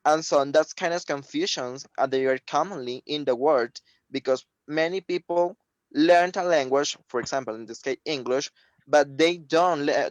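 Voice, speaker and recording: A man's voice: fairly high pitch, dry recording, highs cut off. Native Spanish-speaking man, dry close sound. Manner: halting, many fillers and restarts. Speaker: webinar participant. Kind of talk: casual online discussion. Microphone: video call.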